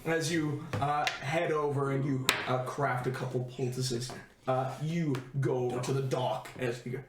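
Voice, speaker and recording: A man's voice: medium pitch, steady tone, normal speed, echoey room, background noise. A man narrating as game master of a tabletop game, rambling with frequent restarts and laughter.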